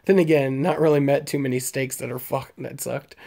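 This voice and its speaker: A man's voice: medium pitch, normal speed, creaky, darkish tone. Late 20s guy on a stream, swearing a ton, rambling through stories with lots of uhs. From Omaha, Nebraska, United States. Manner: rambling, profane storytelling with frequent fillers and laughs. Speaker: streamer chatting with viewers. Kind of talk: casual live-stream chat.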